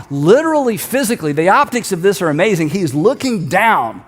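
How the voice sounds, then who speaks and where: A middle-aged man delivers a sermon with a fairly high voice, loose and conversational in his storytelling. He turns emphatic on repeated key lines. His voice carries a long reverb tail from a large auditorium. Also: big pitch swings, a little fast, hardly any pauses. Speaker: pastor.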